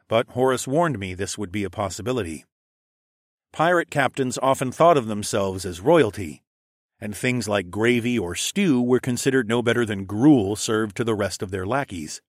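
A man's voice: on the low side, no echo, clean studio sound. A man narrating a first-person fantasy audiobook in a wry, sardonic tone with casual swearing.

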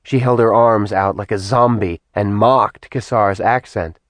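A man reading a fantasy novel aloud in an even, measured narration. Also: on the low side, no room sound. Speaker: audiobook narrator. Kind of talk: scripted narration.

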